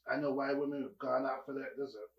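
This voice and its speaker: A man's voice: medium pitch, steady tone, fast, gravelly. A man co-hosting a casual podcast, speaking bluntly with frequent cursing. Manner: blunt, profane, outspoken. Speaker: podcast co-host. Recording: echoey room, dull lo-fi mic.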